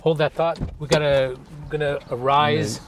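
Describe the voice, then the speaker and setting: Eager high-voiced male host. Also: steady tone, a crowd in the background. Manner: eager, joking, quick reactions. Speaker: show host, interviewer. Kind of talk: casual interview chat. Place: inside a car.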